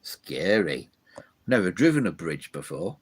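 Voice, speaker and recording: A man's voice: deep voice, big pitch swings, measured pace, slightly rough. A man hosting a live stream from his loft, rambling chattily as he reads out viewer comments. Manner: rambling, chatty, many fillers and restarts. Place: home loft full of old telephones.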